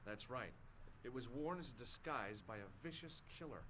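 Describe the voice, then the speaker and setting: A man's voice: mid-range voice, lively intonation, normal speed, over a noisy crowd, natural voice. An actor playing a polite, earnest young American man investigating a case in a video game. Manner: polite, earnest, plain-spoken. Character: polite young American male tourist detective.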